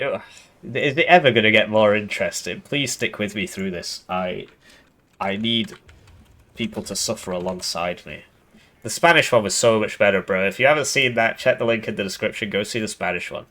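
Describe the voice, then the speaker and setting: Gamer guy, lowish voice, deadpan and sarcastic, rambles a lot. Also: moderate pace, pauses often. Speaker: gaming YouTuber. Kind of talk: casual game commentary.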